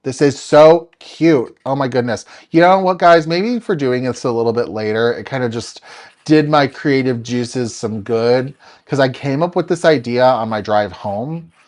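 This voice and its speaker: Medium in pitch with a darkish tone, he talks at a normal speed. The young host of a card-making live stream keeps things cheerful and talkative, greeting viewers by name as he shows his work.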